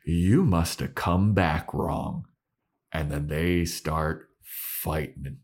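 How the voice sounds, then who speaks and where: A man with a low voice co-hosts a casual podcast. He retells scenes from a show, slipping in and out of quick put-on quotes for the characters and swearing freely. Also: creaky, darkish tone. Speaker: podcast co-host. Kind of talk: casual recap chat.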